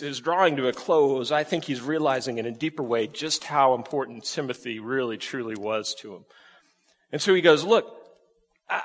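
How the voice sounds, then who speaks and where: A pastor delivers a sermon in a lively, conversational way, often turning to the congregation with questions. His voice sits a little high for a man, and it rings with a long reverb from a large church room. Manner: animated, conversational preaching with rhetorical questions.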